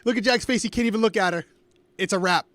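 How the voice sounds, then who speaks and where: A man co-hosting a live stream, chatting casually and making quick, excitable predictions. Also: high voice, dry recording. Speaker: podcast co-host.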